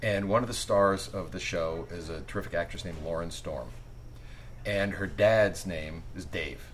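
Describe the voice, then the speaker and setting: A man's voice: deep voice, measured pace, rough recording. A middle-aged man, an author, talking casually in an interview and animatedly acting out small scenes as he tells stories. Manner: animated storyteller who acts out little scenes. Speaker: author interviewed about his books. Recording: faint ambient noise.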